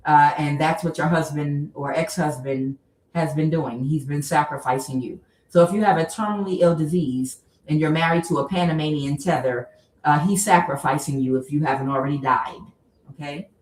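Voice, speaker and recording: A woman with a lowish voice delivers a casual tarot reading, blunt and full of cussing, and often slips into joking, worked-up rants. She sits some way back from the mic, and her voice rings around an echoey room. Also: normal speed, recorded from a distance. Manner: blunt, profane and joking, with sudden animated rants. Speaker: tarot reader.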